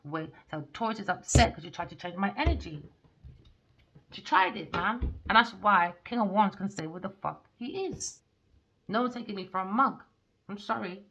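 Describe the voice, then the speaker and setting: A woman's voice: lowish voice, a bit bright, muffled recording. A woman giving a casual tarot reading, talking bluntly and animatedly and swearing freely. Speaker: tarot reader.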